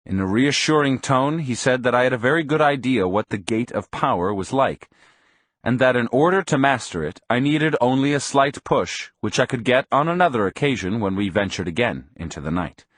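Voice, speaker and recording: Measured male audiobook narrator. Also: mid-range voice, lively intonation, a bit bright, no echo, clean studio sound. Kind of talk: scripted narration.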